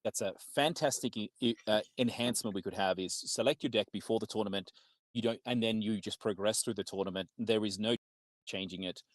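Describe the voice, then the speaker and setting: An Australian man commentates a card game tournament in an easygoing, upbeat way. His voice sits on the low side. The recording is close and dry, with no room sound. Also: a little fast, dry recording. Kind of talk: casual esports commentary.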